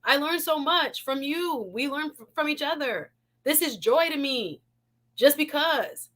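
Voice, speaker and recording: A woman's voice: high voice, animated, measured pace, a bit bright. A woman hosting a live online talk show, reading viewer comments and encouraging her audience with an exuberant, preachy manner and frequent laughter. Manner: exuberant, preachy, laughs often, talks to the chat.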